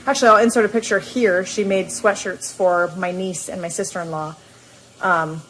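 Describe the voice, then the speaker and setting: A woman's voice: medium pitch, fairly even intonation, normal speed, fairly bright tone, a little hiss or hum, low-quality recording. A young woman in her twenties telling a story to camera at home, chatty, laughing often and full of ums and likes, filmed on a handheld camera. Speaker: vlogger. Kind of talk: casual vlog storytelling. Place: at home indoors. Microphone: handheld camera on a gimbal.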